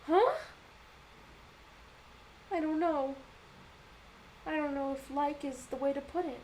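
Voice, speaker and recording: A woman reading a shy, gentle young man's lines from a manga, speaking softly and haltingly. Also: high voice, steady tone, slight background noise, low-quality recording. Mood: hesitant. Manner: hesitant, halting, soft-spoken.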